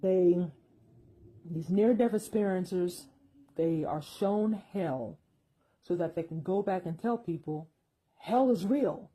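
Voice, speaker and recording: A woman's voice: fairly low pitch, slow pace, long pauses, mellow, poor audio. A woman giving an emphatic, repetitive spoken monologue, dismissing claims with force.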